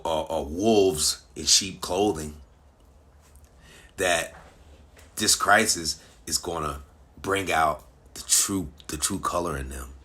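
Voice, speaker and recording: A man commenting to his online followers, animated and repetitive, with frequent restarts and rhetorical questions. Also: low voice. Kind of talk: casual monologue to social media followers.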